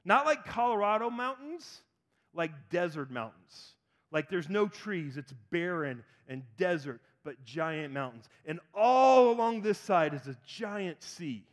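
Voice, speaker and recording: A man's voice: high voice, very animated, unhurried. A man in his forties preaching a sermon, animatedly acting out the voices of people in the story. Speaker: pastor.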